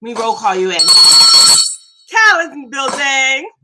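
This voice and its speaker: Bright, lively woman host ranting. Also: high-pitched, normal speed, very noisy. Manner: animated, laughing, ranting with profanity. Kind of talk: casual live chat.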